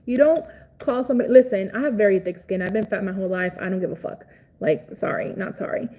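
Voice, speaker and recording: A woman's voice: mid-range voice, quick pace, warm tone, low-quality recording. A Cuban woman hosting a casual livestream, chatting with viewers in a blunt, profane, outspoken way. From Cuba. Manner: chatty, reads and answers viewer comments. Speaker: livestream host.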